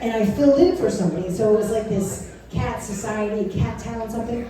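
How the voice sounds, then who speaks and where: A woman's voice: fairly high pitch, fast talker, warm tone. A woman doing a stand-up comedy set on a club stage, bawdy and acting out both sides of her stories, laughing at her own jokes. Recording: very echoey club, recorded from far off.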